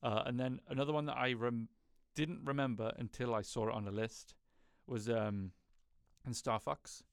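A man co-hosting a podcast in casual chat, laid-back and quick with short agreeing replies. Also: medium pitch, steady tone, vocal fry, clear, resonant tone, no room sound, studio quality. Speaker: podcast co-host.

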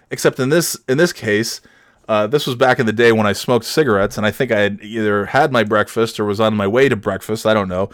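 A man's voice: mid-range voice, fairly quick, no room sound, studio quality. Rambling, self-mocking middle-aged podcast man. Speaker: podcast host. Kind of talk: comic storytelling.

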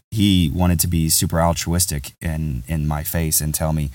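Deep-voiced male podcast host, candid and rambling, sitting a little back from the mic. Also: steady tone, normal speed, few pauses, a little mellow, no echo, distant mic. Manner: rambling, candid, says "bro" a lot. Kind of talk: casual podcast storytelling.

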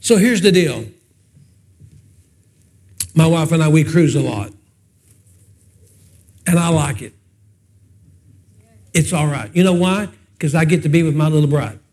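Man, pastor, high voice, folksy humorous sermon, chatty storytelling. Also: lively intonation, a little slow, pauses often, darkish tone. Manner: folksy, chatty, asks the congregation questions. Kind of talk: humorous preaching with personal stories.

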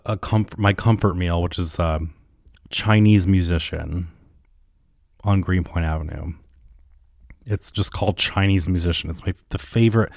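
A man's voice: low voice, a little mellow, dry recording, clean studio sound. A man hosting a solo podcast, rambling casually with lots of filler words and swearing. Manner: rambling, heavy on "like" and "um", profane. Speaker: podcast host.

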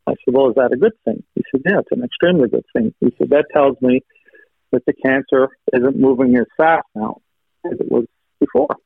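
Gravelly man telling his story over a phone line. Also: mid-range voice, no room sound. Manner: retells conversations, stacking quoted "he said" lines; earnest, frequently thanks God. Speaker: guest sharing a personal testimony. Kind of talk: personal storytelling. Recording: thin phone-like line, dry.

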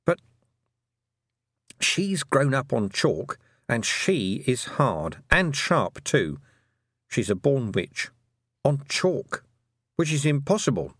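A brisk, emphatic witch and schoolteacher, as a male reader puts her on, lecturing in a high, swooping voice that leans hard on its words. The read is close and dry, with no room around it. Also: big pitch swings, fairly bright tone, breathy edge, no echo, heavily acted. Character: brisk, sharp-tongued woman witch and teacher. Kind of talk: audiobook character voice.

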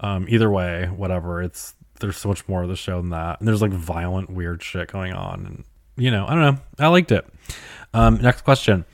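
A man's voice: low voice, normal speed, no echo, studio quality. A young man hosting a solo podcast late at night, rambling through listener questions in a chatty, profane, opinionated way. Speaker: podcast host.

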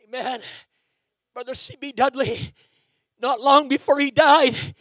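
A man preaching an impassioned sermon in a church, breaking into shouts and dropping "amen" between lines. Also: very high-pitched, fairly even intonation, a little slow, dry recording, clean studio sound. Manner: fervent, bursts into shouting, peppers lines with "amen". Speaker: guest preacher. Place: church sanctuary.

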